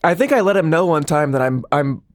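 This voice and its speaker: A man's voice: on the high side, animated, fairly quick, no room sound. A man with a slightly raised voice hosts a comedy podcast in loose, casual chat. He rambles, restarts his sentences and pokes fun at himself. The recording is close and bone-dry, with no room sound. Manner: self-deprecating, rambling with restarts. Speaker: podcast co-host.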